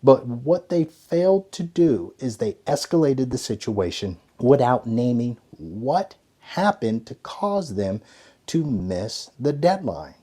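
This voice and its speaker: A man giving a motivational leadership lesson, emphatic and conversational, swinging between loud stresses and hushed asides. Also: medium pitch, big pitch swings, slow, breathy edge. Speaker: ethics and leadership coach. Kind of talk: motivational teaching talk.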